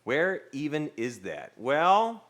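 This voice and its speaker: Man, livestream cooking host, playful banter with chat, bright tone, animated pitch. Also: slow pace. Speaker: streamer cooking live. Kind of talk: casual cooking stream chat with viewers.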